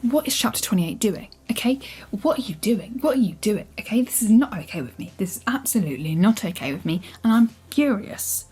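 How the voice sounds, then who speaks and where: A young woman reacting out loud to a book she is reading, exasperated, swearing and scolding the characters, sometimes dropping to a whisper. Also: medium pitch, animated, fairly quick, few pauses, husky. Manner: drops into whispers at times. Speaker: book vlogger. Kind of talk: casual reading vlog reactions.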